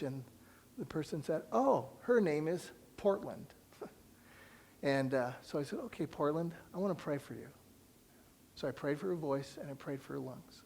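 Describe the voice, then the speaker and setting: A male pastor preaching in a church, telling a personal story with lively acted-out dialogue and soft, hushed asides. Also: a little high, a little hiss or hum. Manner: animated storyteller who acts out dialogue and drops to a soft near-whisper. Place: church sanctuary.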